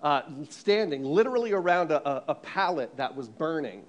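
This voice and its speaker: A man from the United States preaches an animated sermon, telling a story full of restarts and repeated words. His voice runs on the high side, and he keeps a moderate pace.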